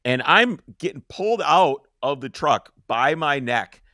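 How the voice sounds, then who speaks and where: Male podcast host, casual and animated storyteller who acts out scenes, lively pitch, dry close sound. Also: unhurried, dry recording.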